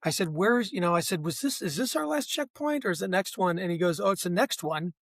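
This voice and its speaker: A man's voice: high-pitched, expressive, a little fast, no echo. A man, a guest on a podcast, telling his race story in a reflective, casual way.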